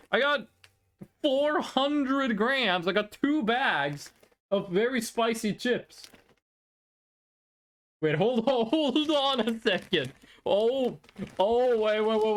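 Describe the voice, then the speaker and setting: A streamer in a casual live-stream chat, rambling and excitable and often repeating words. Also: mid-range voice, slow.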